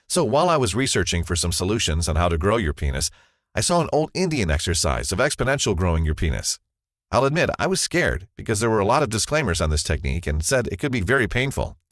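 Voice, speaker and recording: A man's voice: on the low side, a bit bright, dry recording, studio quality. A man narrating a scripted first-person advertisement as a confessional story.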